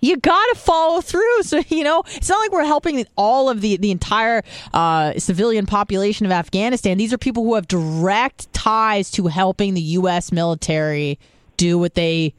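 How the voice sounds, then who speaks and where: Woman, talk radio co-host, heated, profane, smooth voice, dry close sound. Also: mid-range voice, no room sound. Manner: heated and profane, then apologetic. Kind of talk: opinionated talk radio chat.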